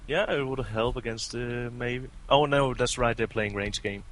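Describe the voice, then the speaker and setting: A man's voice: mid-range voice, moderate pace, fairly bright tone. A man co-commentating a competitive video game match, breaking down plays analytically with hesitations and restarts. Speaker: esports co-commentator.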